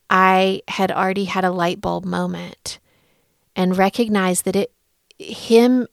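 Woman, thirties, earnest storyteller; fry-heavy voice, dry close recording. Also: medium pitch, no room sound. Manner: soft, earnest, candid, with pauses and restarts. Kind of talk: personal story, reflective talk.

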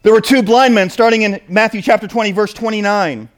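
A man with a fairly high voice preaches a sermon at a slightly quick pace, reading from scripture. His delivery is emphatic, and he often puts questions to his listeners.

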